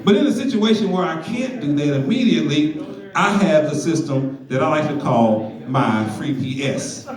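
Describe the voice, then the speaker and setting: A man in his forties doing stand-up comedy on a comedy club stage, telling stories in an animated, profane way. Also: fairly high pitch, moderate pace. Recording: roomy club sound, distant mic.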